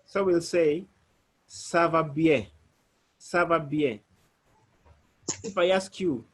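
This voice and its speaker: A male teacher gives an online language lesson at a very unhurried pace. His voice is a little husky. He repeats each phrase several times and spells words out one letter at a time. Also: fairly high pitch, poor audio. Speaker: French teacher.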